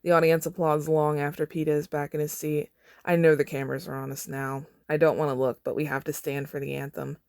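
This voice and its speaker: A young woman with a notably low voice reads fan fiction aloud, dropping wry, casual asides between passages. The sound is dry and close, with no room echo. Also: level tone, fairly quick, darkish tone. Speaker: podcast host.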